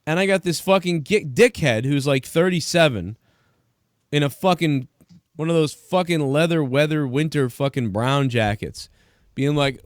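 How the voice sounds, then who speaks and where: A man in his thirties tells a bar story in casual chat and swears freely. He acts out the other people's lines as he goes. His voice is smooth and resonant, and the sound is dry and close. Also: a little high, moderate pace, no room sound. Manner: profane, animated storyteller acting out quotes. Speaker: podcast host.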